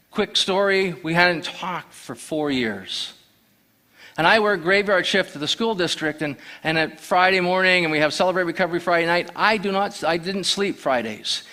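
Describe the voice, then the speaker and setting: Bright-voiced man giving earnest testimony. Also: on the high side. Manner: earnest storytelling, acting out dialogue. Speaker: church member sharing testimony. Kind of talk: personal testimony from the pulpit.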